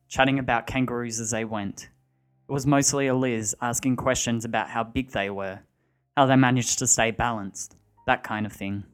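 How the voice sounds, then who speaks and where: A man reads a dark story aloud at a steady pace. His voice sits in a middle register, with quiet music running under the narration. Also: medium pitch.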